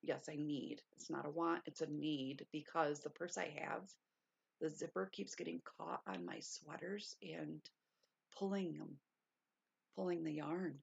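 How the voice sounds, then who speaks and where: A woman chatting casually to her stream viewers from her bedroom, repeating herself and gushing with excitement, sometimes keeping her voice down. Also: deep voice, a little slow, creaky, slightly rough, dry recording. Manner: hushed at times to stay quiet. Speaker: vlogger. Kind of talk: casual livestream chat. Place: bedroom at home. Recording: dull lo-fi sound.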